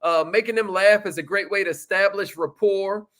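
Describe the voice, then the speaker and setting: High bright voiced guy coaching sales, casual slangy hype. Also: moderate pace. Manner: energetic, casual, slangy, addresses viewers as y'all. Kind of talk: motivational teaching talk.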